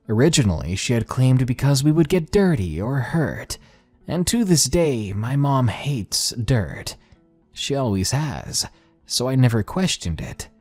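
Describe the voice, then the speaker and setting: A man's voice: medium pitch, darkish tone, no echo. A man narrating a first-person horror story in a scripted storytelling style.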